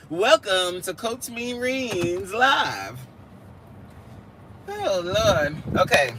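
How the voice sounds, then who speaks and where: Driving through snow, a New York woman live streams from her car, her medium-pitched voice swinging widely in pitch, extremely slow, with long pauses. She chats casually in slang and laughs a lot, over loud vehicle engine and road noise.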